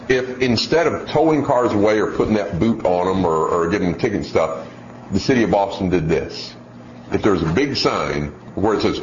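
A man teaching on child training in a sermon style, animated and acting out nagging parents. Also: deep voice. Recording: echoey, dull lo-fi recording with faint hiss.

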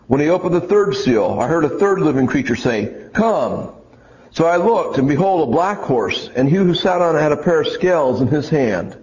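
A man's voice: a little high, expressive, moderate pace, darkish tone. A man preaching a sermon and reading scripture aloud, earnest and often restarting his words. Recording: dull lo-fi recording.

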